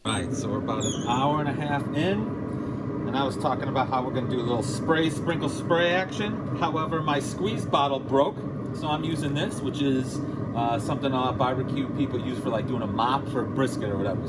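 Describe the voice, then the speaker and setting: A man's voice: a little high, very noisy. A man hosting a casual cooking demonstration, talking in an easygoing, instructive and encouraging way. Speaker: cooking show host.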